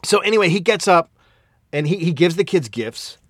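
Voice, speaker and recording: A man co-hosting a podcast, telling stories in profane, animated casual chat. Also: high voice, moderate pace, no room sound, clean studio sound. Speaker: podcast co-host.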